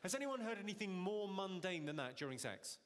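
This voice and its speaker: High-voiced deadpan stand-up comedian. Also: male voice, fairly quick. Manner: deadpan, teasing the audience. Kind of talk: stand-up comedy with crowd work. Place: large theatre in Glasgow. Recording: reverberant hall, loud noise, crowd.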